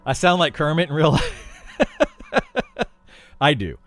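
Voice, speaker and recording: A man talking casually about making gaming videos, in a somewhat high voice that swings widely in pitch. He rants with exasperation and laughs often. Faint music plays behind him. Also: huge pitch swings, takes it slowly, a bit bright, dry recording. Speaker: gaming content creator. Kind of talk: casual livestream chat.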